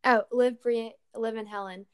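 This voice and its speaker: A woman's voice: on the high side, fairly even intonation, normal speed, smooth. A teenage girl chatting casually with friends, hesitant and giggly, with many fillers. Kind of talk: casual chat.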